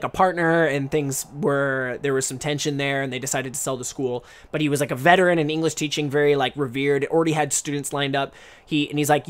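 Chatty young man, slightly high voice. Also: fairly bright tone. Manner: rambling, chatty, frequent restarts. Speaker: podcast host. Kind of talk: casual live-stream podcast chat.

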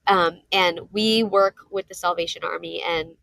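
A woman in her thirties, a podcast guest, telling a story in casual conversation and acting out what people said with lively jumps in her voice. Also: unhurried, gravelly, dry recording. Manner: animated, acts out quotes with jumps in pitch.

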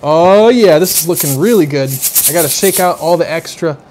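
High-voiced man, effusive live-stream chat. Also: moderate pace, a little mellow, a little hiss or hum. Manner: effusive, exclaims over tastes and smells; rambling, chatty asides to viewers. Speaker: livestream host.

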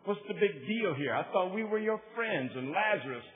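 A man's voice: high-pitched, lively intonation, normal speed, voice pushed up. A man voicing a grieving woman who scolds a friend in an exasperated, complaining way, recorded on a tinny phone-like line. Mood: reproachful.

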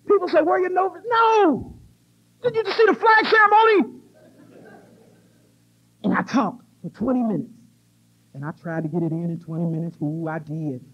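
A middle-aged woman from the US Midwest giving an animated, laughing personal testimony at a recovery conference. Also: lowish voice, breathy edge. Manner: animated, laughing, exclamatory storyteller. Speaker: recovery meeting speaker. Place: conference hall stage. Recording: muffled cassette tape transfer.

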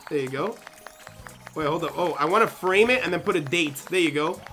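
A man in his twenties streaming a game live, chatting excitably to his viewers and constantly cutting himself off with "hold up". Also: fairly high pitch, a little fast, soft background music. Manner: excitable, fidgety, keeps saying "yo" and "hold up". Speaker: gaming streamer. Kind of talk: casual live-stream chat while playing.

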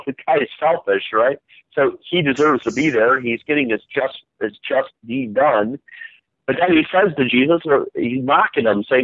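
Hosting a Bible study by phone, this man asks callers questions and prompts their replies in a sing-song, mid-range voice at moderate speed. The sound is dry and dull, lo-fi with no room sound.

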